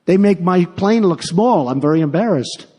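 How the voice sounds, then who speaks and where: A man's voice: sits high, expressive, moderate pace, mellow. A man giving a campaign rally speech. He talks off the cuff, repeats himself and boasts. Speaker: political candidate. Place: large rally venue. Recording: long arena reverb.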